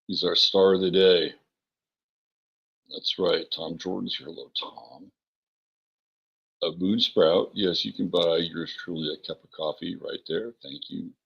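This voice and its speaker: A man hosting an astrology livestream, greeting chat viewers by name in a relaxed, rambling way with many fillers and a gravelly, husky voice. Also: low-pitched, muffled recording. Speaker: astrology show host.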